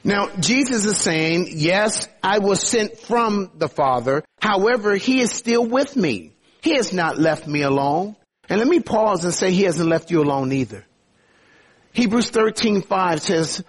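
A man preaching a sermon, his voice sitting somewhat high for a man and carrying a husky grain. He is earnest, slowing down on key phrases and building in fervor as he presses his point. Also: animated. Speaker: pastor.

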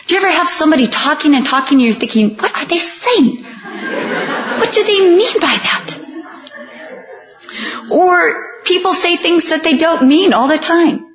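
A middle-aged woman preaching a sermon, telling family stories and acting out the dialogue with lively delivery. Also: sits high. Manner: animated storytelling, acts out family dialogue. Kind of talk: sermon with comic anecdotes. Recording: dull, echoey room sound.

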